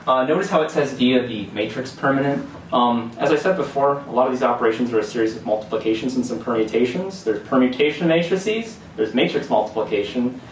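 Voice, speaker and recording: A man's voice: medium pitch, brisk, a little hiss or hum. A young man giving a classroom presentation, explaining step by step in a loose way with fillers and restarts. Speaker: student presenter. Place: lecture hall. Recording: echoey room from far off.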